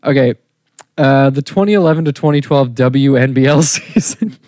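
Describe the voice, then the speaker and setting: Man, podcast co-host, casual chat, deadpan, mid pitch, dry close sound. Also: normal speed, no room sound.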